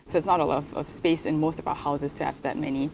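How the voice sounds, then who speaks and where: Female veterinarian, measured and explanatory, slightly low voice, faint noise. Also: fairly even intonation, gravelly. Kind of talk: explaining pet care.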